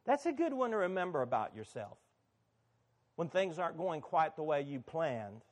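A man's voice: on the high side, very animated, moderate pace. A man, the pastor of a church, preaching a sermon in a conversational, sometimes emphatic way.

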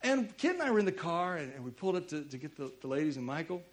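A man preaching a sermon in a church, his voice pitched high and swinging widely up and down. He tells stories with animated energy, jumping to loud emphasis on key lines. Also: fast. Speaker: pastor.

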